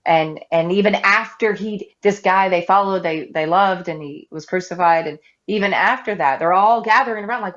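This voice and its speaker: Animated woman in a live-stream debate. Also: on the low side, normal speed, few pauses. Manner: animated storytelling, acting out quoted voices. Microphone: live-stream mic. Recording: slightly dull lo-fi audio.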